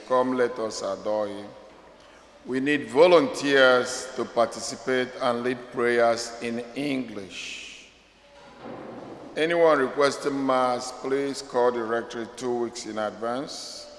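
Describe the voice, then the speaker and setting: A man reads parish announcements at an unhurried, deliberate pace. His voice has a middle pitch. It rings through a large church with a long reverb. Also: a bit bright. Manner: slow, measured, mixes English with Igbo. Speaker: priest giving parish announcements.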